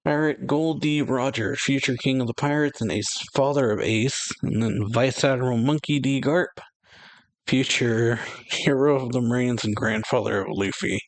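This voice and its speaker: A man hosting a reaction channel, casually reading a manga chapter aloud in a relaxed, halting way full of "yeah" fillers. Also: mid-range voice, no room sound. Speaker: anime reaction channel host.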